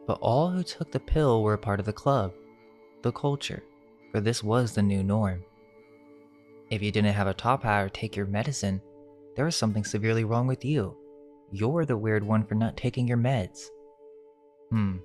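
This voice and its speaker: Low-voiced man narrating with faint music. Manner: measured, suggestive, rhetorical questions. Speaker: narrator of a conspiracy video. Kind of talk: scripted narration.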